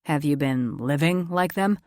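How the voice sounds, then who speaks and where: Woman putting on a gruff scowling werewolf elder. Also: deep voice, animated, a little slow, darkish tone, dry recording, studio quality. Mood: suspicious. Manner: accusing, probing.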